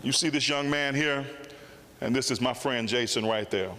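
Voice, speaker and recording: A man's voice: mid-range voice, normal speed, sharp tone, a little hiss or hum. A man telling a story in a public speech at a summit, with emphatic repetition. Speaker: summit speaker. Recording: long hall reverb.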